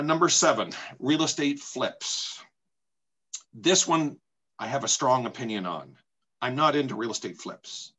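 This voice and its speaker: A man's voice: mid-range voice, bright, forceful tone, poor audio. A middle-aged man from Canada, a real estate agent presenting a homebuying talk in an opinionated, emphatic way, using rhetorical questions and repetition.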